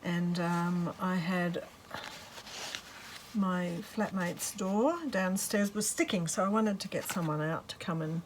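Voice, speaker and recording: A woman talks slowly and loosely as she crafts, rambling and cutting herself off with fillers. Her voice sits a little low. A steady hiss hums under the recording. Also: rough recording. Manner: rambling, chatty, self-interrupting with fillers. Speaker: craft vlogger. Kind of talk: casual chat while crafting.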